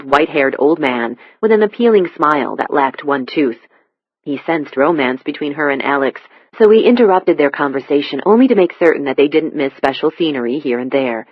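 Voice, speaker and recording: An audiobook narrator reading a thriller in a steady, measured way. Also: medium pitch, no echo, muffled recording. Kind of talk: scripted narration.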